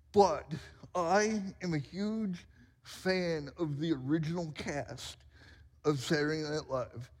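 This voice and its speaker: A man in his forties preaching a sermon as pastor, in a playful, self-mocking storytelling manner. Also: sits high. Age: 40s. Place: church sanctuary. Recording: reverberant church hall.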